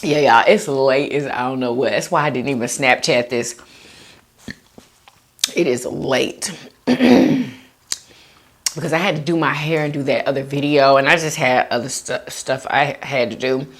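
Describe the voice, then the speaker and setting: A woman's voice: measured pace, pauses often. A woman hosting a mukbang video, chatting casually to viewers while eating and reading their comments aloud. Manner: laid-back with lively swoops of pitch. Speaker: mukbang vlogger.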